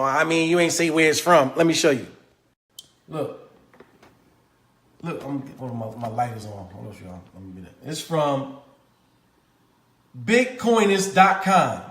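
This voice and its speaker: Excited high-voiced man pitching online. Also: echoey room. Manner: animated, repetitive, calls out to viewers. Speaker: crypto promoter on a livestream. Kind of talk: excited sales pitch, reading articles aloud. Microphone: phone or webcam on a live stream.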